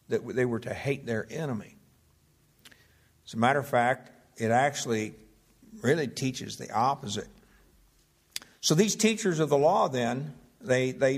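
A man preaching a Bible study sermon, reading old-fashioned scripture slowly and deliberately, then explaining it in a measured teaching voice. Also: medium pitch. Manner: reads King James scripture slowly and deliberately; measured teaching delivery with fillers and restarts.

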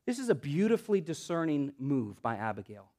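A male pastor with a Southern US accent delivering a sermon. His voice sits high for a man, and he works the room by turns, surging to fervent loudness and then pulling back into hushed, close asides. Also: a little fast. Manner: animated, swings from loud bursts to hushed asides.

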